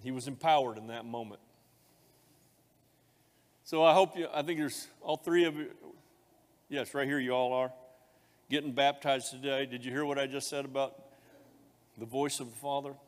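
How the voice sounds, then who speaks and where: A male pastor preaching a sermon, moving between loud fervent declarations and quiet, intimate speech, with a folksy, joking touch. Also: medium pitch, fairly even intonation, moderate pace, long pauses. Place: church sanctuary. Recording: long hall reverb of a church.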